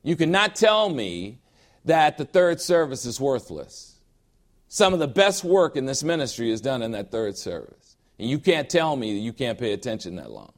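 A man preaching a sermon as pastor, emphatic, dropping low and slow to read scripture.

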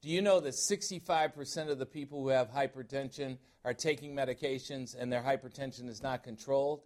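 A man's voice: medium pitch, steady tone, a little fast, darkish tone. A middle-aged man from Chicago preaching a sermon as a pastor-teacher, emphatic and asking his congregation direct questions. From Chicago, USA.

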